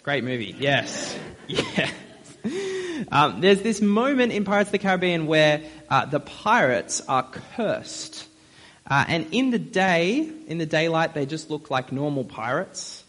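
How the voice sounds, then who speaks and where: A man's voice: fairly high pitch, big pitch swings, unhurried, a bit bright. A young man preaching a sermon in a friendly, conversational way, with frequent fillers.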